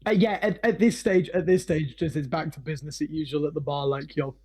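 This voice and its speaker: High husky game master. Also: male voice, fairly even intonation, a little fast, a little mellow. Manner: laughs often, loose and swearing. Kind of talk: narrating a tabletop game.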